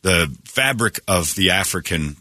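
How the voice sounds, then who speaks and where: A man with a low, bright, forceful voice hosts morning radio from a dry, close studio mic. He retells a story with excitement, slips into quoted voices and stumbles over restarts. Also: a little slow, no room sound. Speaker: radio show host. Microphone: studio microphone.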